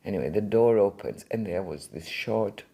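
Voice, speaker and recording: Older woman, collector recounting anecdotes in an interview; husky, mellow voice, lively storyteller. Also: extremely low pitch, moderate pace. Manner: animated, vivid storyteller. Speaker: art collector and museum founder.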